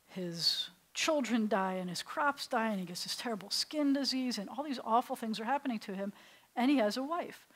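Expressive and a bit bright, with a voice on the high side, a middle-aged woman rabbi speaks at normal speed while teaching adults beginning Hebrew in a synagogue classroom. She mixes stories with questions for the class, captured in poor audio.

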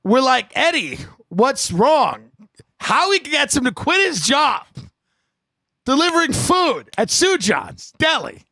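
Casting: comedian host, higher man's voice, dry close sound, rambling storyteller. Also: measured pace, no echo. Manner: rambling, animated anecdote telling.

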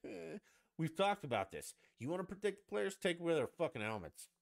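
A man's voice: a little high, very animated, brisk. A man hosting a solo podcast, ranting in a profane, sarcastic and argumentative way. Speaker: podcast host.

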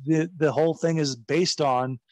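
A man in his forties recounts his wrestling days in a loose, meandering way, peppering his talk with "like" and "you know" and plenty of swearing. His voice sits slightly high for a man. The recording is dry and close, with no room echo. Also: steady tone, normal speed, darkish tone. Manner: rambling, profane, full of fillers. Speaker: guest, former wrestler. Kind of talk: casual storytelling interview.

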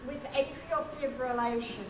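A woman's voice: high voice, moderate pace. An older woman in the audience, asking plain, curious questions. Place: community hall at a retirement home. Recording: distant, echoey hall with steady hiss.

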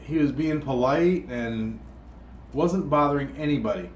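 A man's voice: medium pitch, unhurried. Man, southern US accent, rambling casual chat, distant mic, echoey room with faint hum. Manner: rambling, many restarts and fillers. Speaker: cooking vlogger. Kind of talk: casual chat while cooking. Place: hotel room.

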